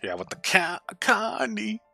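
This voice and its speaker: A man's voice: sits high, wildly swooping pitch, a little slow, vocal fry, pushed and bright, faint music behind. A man playing a video game while giving playful casual commentary and laughing often. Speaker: let's play streamer.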